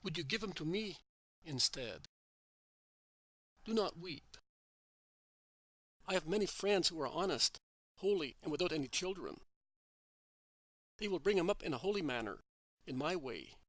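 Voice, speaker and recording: A man reading the part of a gentle, kindly male religious teacher, calm and reassuring. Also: a little high, unhurried, long pauses, no echo.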